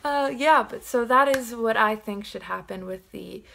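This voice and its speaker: A young woman vlogger giving her film opinions in a casual, excited, rambling way. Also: fairly high pitch, normal speed, creaky, a little hiss or hum.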